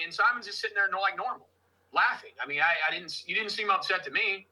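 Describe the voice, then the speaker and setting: A man hosting a casual livestream, loud and joking, trading banter with his guest. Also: high-pitched, fast talker, breathy edge, rough recording. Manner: loud, joking, mocking impressions. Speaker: livestream host.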